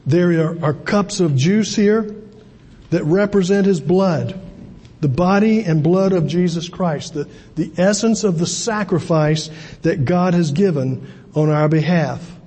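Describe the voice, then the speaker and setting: A man's voice: sits high, measured pace, mellow, husky. A man preaching a sermon as pastor, talking conversationally with asides and repeated words. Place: church sanctuary. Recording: long hall reverb.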